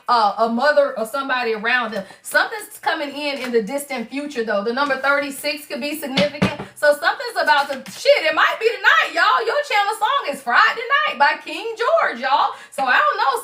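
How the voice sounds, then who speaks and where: A woman's voice: high voice, pushed and bright, echoey room, far from the mic. A woman doing a casual live-streamed tarot reading, slangy and laughing often as she talks to her viewers. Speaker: tarot reader.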